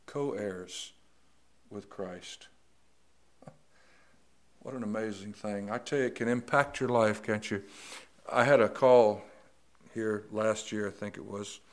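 A middle-aged man preaching a sermon, slow and deliberate, rising to emphatic stress on key words. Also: lowish voice.

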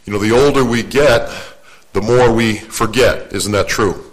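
Speaking fairly low and without hurry, an older man preaches as a visiting guest, spinning folksy stories. He's self-deprecating and jokey, frequently repeating and restarting his phrases, and the recording is rough.

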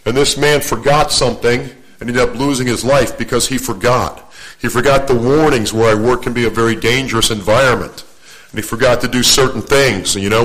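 A man's voice: medium pitch, a bit bright, rough recording. An older man preaching in an easygoing, storytelling way, with a mid-range voice. He pokes fun at himself between points and often circles back, repeating his words as he goes. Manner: joking, self-deprecating, repeats and restarts phrases. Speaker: guest preacher. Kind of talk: folksy storytelling sermon.

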